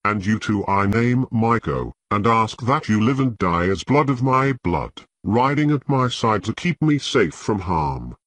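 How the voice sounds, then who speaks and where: A man voicing a resolute young queen, speaking in solemn, measured declarations with a husky, lively delivery. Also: lowish voice, no room sound, full character voice.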